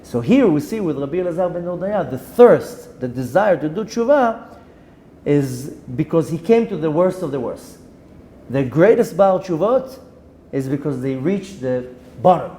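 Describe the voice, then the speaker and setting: A man, a rabbi giving a Torah lesson, telling a story with animated delivery, dropping in Hebrew terms and restarting his sentences. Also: a little high, a little slow, slight background noise. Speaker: rabbi teaching a Torah class.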